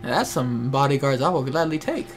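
A man's voice: medium pitch, brisk, over music. A young man hosting casual gameplay commentary, joking, swearing and laughing often. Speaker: gaming channel host.

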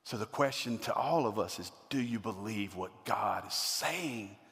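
A man's voice: fairly low pitch, expressive, measured pace, creaky, fairly bright tone, slightly rough, in a large hall. A man preaching a sermon as pastor, building to emphatic repeated questions. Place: church sanctuary.

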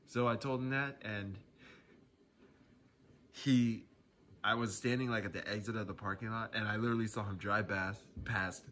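Bright-voiced young man telling a story. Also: fairly low pitch, steady tone, normal speed, long pauses, slight background noise. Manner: laid-back, profane, chuckling often. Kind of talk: casual storytime monologue.

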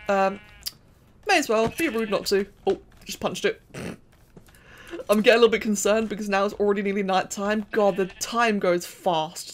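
A young woman giving chatty, excitable let's-play commentary, thinking aloud and talking to the characters on screen. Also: medium pitch, a little hiss or hum. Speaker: gaming channel host.

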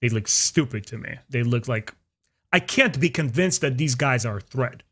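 Animated, opinionated podcast host, man. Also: moderate pace, husky. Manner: opinionated, animated, jumps into high pitch for emphasis. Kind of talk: casual chat.

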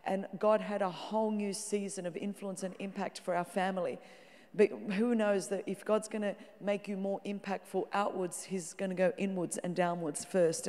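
A woman's voice: medium pitch, darkish tone. A woman pastor preaching a sermon in a large church auditorium, impassioned and direct, with playful asides to the congregation. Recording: reverberant large church hall.

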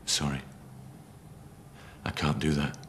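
A man's voice: very deep voice, completely flat delivery, slow, fairly bright tone, a little hiss or hum, exaggerated voice. An actor playing an earnest young man who confesses his love to a colleague, in a television soap. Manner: earnest, pressing.

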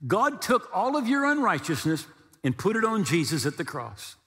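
Male pastor, sermon delivery, high and very expressive, echoing sanctuary sound. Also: normal speed. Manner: animated preaching with acted-out dialogue and humor.

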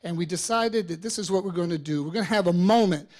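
A man in his fifties, an artist, giving a storytelling talk to an audience, acting out quoted voices and swinging between soft and loud. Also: high voice, fast talker.

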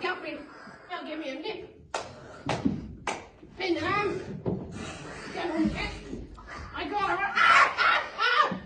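Girl doing a hyped-up aussie wildlife guy, put-on accent, high voice, far-off noisy phone clip. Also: reverberant. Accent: put-on Australian. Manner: exclamatory, narrating to camera. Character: excitable Australian male wildlife presenter. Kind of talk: improv sketch. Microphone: phone camera.

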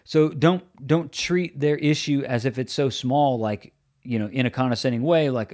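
A man's voice: medium pitch, normal speed, darkish tone. A man hosting a podcast, giving earnest, plain-spoken practical advice on encouragement. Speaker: podcast host. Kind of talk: solo podcast teaching.

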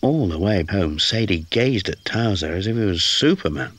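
A man narrating a children's storybook in a gentle, expressive way. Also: low-pitched, normal speed, no echo. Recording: music behind.

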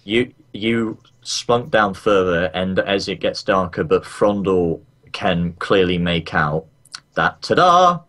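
A man running a tabletop game as game master, narrating in a dry, deadpan way. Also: deep voice, takes it slowly, hardly any pauses.

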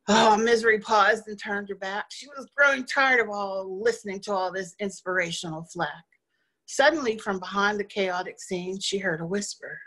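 A woman, a guest speaker at a spiritual service, reciting a rhyming poem with a measured rhythm. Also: mid-range voice, bright, forceful tone. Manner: rhythmic, measured reading in rhyme. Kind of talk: poetry recitation.

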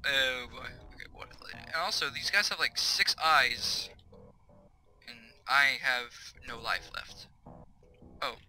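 A man's voice: medium pitch, expressive, slow pace, bright, forceful tone, a little hiss or hum, poor audio. A young man giving casual, chatty let's-play commentary from his bedroom, reading on-screen tips aloud. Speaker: gaming YouTuber. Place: home bedroom.

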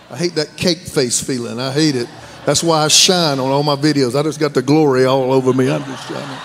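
In a large church sanctuary, a guest pastor in his fifties with a Southern American accent preaches a folksy, joking sermon that builds to shouted fervor. His voice is a little high, with slight background noise.

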